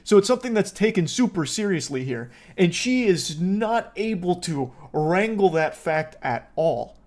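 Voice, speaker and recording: A man narrating and joking over footage in a sarcastic tone. His voice sits a bit high for a man. He swears casually as he riffs. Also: very animated, measured pace, darkish tone. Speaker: commentator. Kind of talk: reaction commentary.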